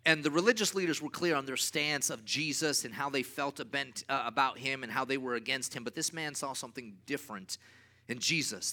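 A man preaching a sermon as pastor, with emphatic repeated refrains and swings from loud to quiet. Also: mid-range voice, brisk.

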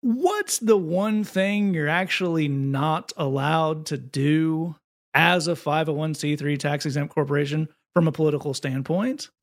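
The host's voice is a little high and his pace a little slow. In this casual podcast chat he sounds sardonic and derisive, dramatizing the quotes he reads aloud.

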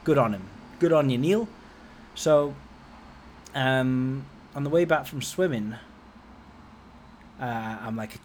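A man in his forties tells a rambling personal story on his podcast, now and then jumping up in pitch and loudness. He sounds mid-pitched and conversational, with a faint hiss behind him. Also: measured pace, long pauses. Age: 40s. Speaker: podcast host. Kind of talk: casual storytelling.

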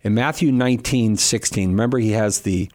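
A middle-aged man, a guest on a radio talk show, explaining Bible passages in a lively way and acting out quoted speakers. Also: fairly low pitch, fairly quick, dry recording, clean studio sound. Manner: animated, acts out quoted speakers. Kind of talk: casual talk on Bible teaching.

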